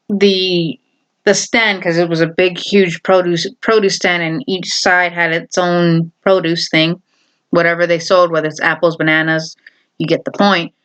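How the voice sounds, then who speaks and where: A woman's voice: mid-range voice, a bit bright, clear, resonant tone. A woman vlogger telling a story in a casual, rambling way, full of fillers and laughter. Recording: dull lo-fi recording.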